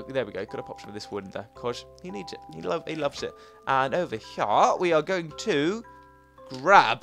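A man hosting a casual let's play, chatting excitedly to his viewers and his pets. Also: a little high. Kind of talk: casual game commentary.

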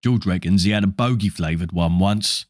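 A man's voice: deep voice, moderate pace, no echo, clean studio sound, voice pushed down. A man reading aloud voices a chatty, offhand young boy wizard in a storybook. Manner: casual, offhand. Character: easygoing chatty boy wizard, a bit scornful.

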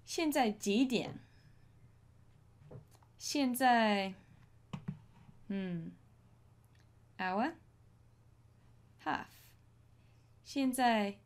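A woman teaching a language lesson, modelling each phrase slowly and clearly for learners to repeat. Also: fairly high pitch. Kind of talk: slow, deliberate language lesson.

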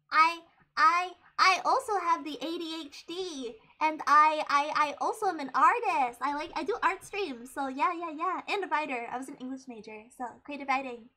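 Young woman streamer, high bright voice, giggly and hyper, gets loud. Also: normal speed. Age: 20s. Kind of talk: casual live-stream chat.

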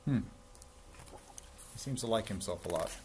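Low-voiced man reading a storybook aloud. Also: expressive, normal speed, a little mellow, a little hiss or hum. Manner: chatty, playful asides to kids. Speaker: storybook reader for children. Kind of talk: reading a picture book aloud with asides.

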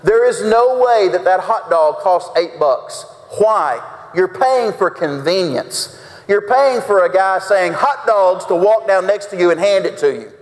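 Male pastor, high-pitched, folksy sermon, long church reverb. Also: animated, measured pace. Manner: folksy, acts out quotes with big pitch swings. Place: church sanctuary.

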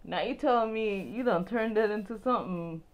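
A woman from Brooklyn, telling a story to her viewers in a casual, animated way, laughing often and acting out voices. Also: mid-range voice, normal speed, muffled recording. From Brooklyn, New York. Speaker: vlogger.

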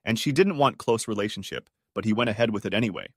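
A man reading online stories aloud as scripted narration, steady with sudden pitch jumps. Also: fast, breathy edge, no room sound, studio quality.

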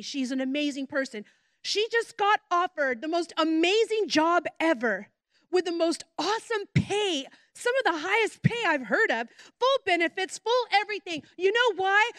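A woman pastor with a very high, bright-sitting voice delivers an emphatic sermon, slowing down to press on key words. She tells stories with expressive quoted voices. The sound is close and dry, with no room around it. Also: no echo. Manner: warm storytelling with voiced quotes.

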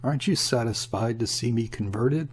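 A man voicing a gruff, overbearing ship's mate who speaks curtly and defiantly, in a storybook reading. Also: medium pitch, moderate pace, natural voice. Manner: curt and defiant.

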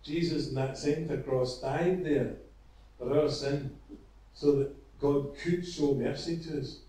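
A man preaching an evangelistic sermon, retelling a parable earnestly with halting restarts. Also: mid-range voice, warm tone. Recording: echoey, from far off.

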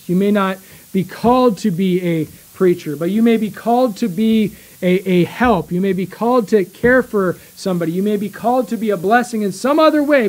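Guy with a pretty high voice preaching a sermon, earnest, slows way down to hit his points, small church. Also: darkish tone, rough recording. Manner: earnest, slow emphatic delivery with pauses.

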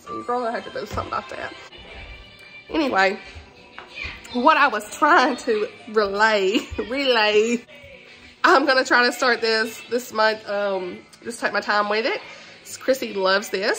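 A woman talks straight to her camera at home in a casual reading vlog. She sounds heartfelt and chatty, with a mid-pitched voice. A little music plays faintly underneath. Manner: warm, heartfelt, chatty with Southern "y'all" and "honey". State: tearful, emotional. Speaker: book vlogger.

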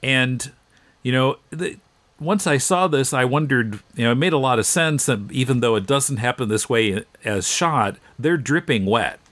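A man's voice: mid-range voice, normal speed, fairly bright tone, dry recording. A man co-hosting a podcast in a casual chat, explaining details in a conversational way. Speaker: podcast co-host.

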